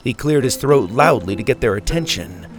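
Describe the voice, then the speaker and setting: Expressive male storyteller, lively gravelly voice, dry close sound. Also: medium pitch, moderate pace, music in the background. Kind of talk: children's story narration.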